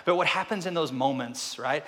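A male pastor preaching a sermon, swinging from hushed tones to loud peaks and firing off repeated rhetorical questions. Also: fairly high pitch, normal speed. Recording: reverberant hall.

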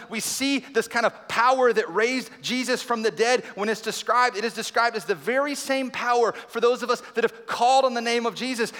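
A man preaching an Easter sermon as a pastor, energetic and conversational, with quick asides and acted-out quotes. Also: very high-pitched. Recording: long reverb in a large hall with faint music.

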